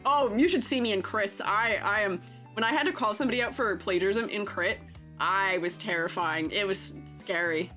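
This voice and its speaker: A woman's voice: mid-range voice, normal speed, sharp tone, faint music behind. A woman streaming and chatting casually, rambling with lots of fillers and frequent giggles. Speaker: streamer and art teacher. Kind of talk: casual live-stream chat.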